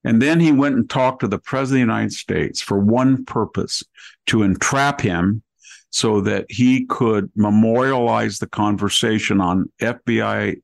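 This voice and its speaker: A man hosting a political podcast who piles up grievances in a sarcastic, rapid-fire way, recorded close on a studio mic. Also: lowish voice, creaky, dry recording, low-quality recording. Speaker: podcast host. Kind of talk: political commentary conversation.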